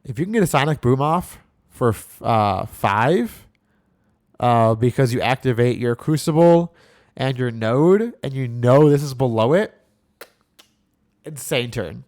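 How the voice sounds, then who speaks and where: A man's voice: mid-range voice, a little mellow. A young man giving a casual, rambling and enthusiastic breakdown of a card game deck. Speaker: card game content creator.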